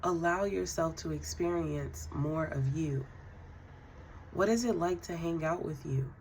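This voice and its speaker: Low-voiced woman giving an encouraging tarot reading. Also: measured pace, slight background noise. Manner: affirming, encouraging, speaks to the listener directly; relaxed, with fillers and soft laughs. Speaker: tarot card reader.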